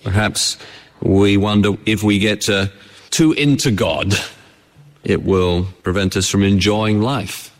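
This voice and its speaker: A man's voice: on the low side, takes it slowly, long reverb tail. A man preaching a sermon to his congregation. He keeps the tone conversational and often puts rhetorical questions to his listeners. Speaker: pastor. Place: church.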